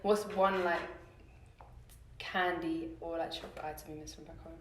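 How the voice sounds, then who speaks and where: A woman's voice: sits low, steady tone, normal speed, background noise. Easygoing young London woman hosting. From South London. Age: young adult. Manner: easygoing, laughs along, asks light questions. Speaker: podcast host. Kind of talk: casual chat. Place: campus room. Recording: echoey room.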